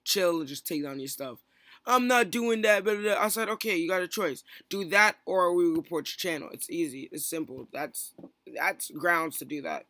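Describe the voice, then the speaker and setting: Bright-voiced young man ranting a story. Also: fairly high pitch, dry recording. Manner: rambling, restarts often, quotes others in quick bursts. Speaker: stream moderator. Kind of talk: casual storytime rant.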